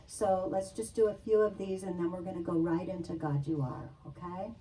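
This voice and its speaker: A woman minister leading a congregation in prayer, gentle and coaxing, often checking in with "okay?". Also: lowish voice, fairly even intonation, moderate pace, slight background noise. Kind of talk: spiritual talk and guided prayer. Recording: distant mic with faint room ambience.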